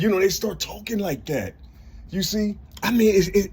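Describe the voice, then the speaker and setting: Older guy rambling on camera, husky, keeps saying you see, swears a lot. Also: mid-range voice, expressive, brisk, a little mellow. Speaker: vlogger. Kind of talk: casual monologue to camera.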